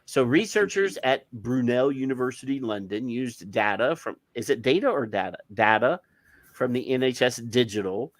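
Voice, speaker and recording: A man reads news aloud on a casual podcast, breaking off into blunt, rambling asides and frequent restarts. His voice sits at an average pitch and is recorded dry and close to the mic, with no room sound. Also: expressive, normal speed, dry recording. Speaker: podcast co-host. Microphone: headphones and studio mic.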